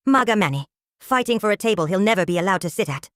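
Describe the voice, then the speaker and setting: A woman podcast host reading a mock commercial voice-over with a sarcastic, salesy pitch. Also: animated, quick pace, dry recording, clean studio sound.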